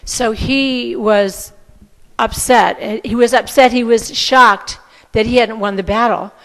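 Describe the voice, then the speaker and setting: A woman's voice: fairly high pitch, fairly even intonation, slow pace, a bit bright. Woman telling scripture stories casually. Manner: casual, chatty storytelling with fillers. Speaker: spiritual teacher. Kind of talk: scripture class storytelling. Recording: reverberant hall.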